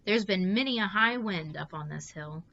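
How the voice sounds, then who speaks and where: A woman voicing a calm, practical mother who reassures her children briskly and lightly. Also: mid-range voice, creaky, dull audio, a little hiss or hum.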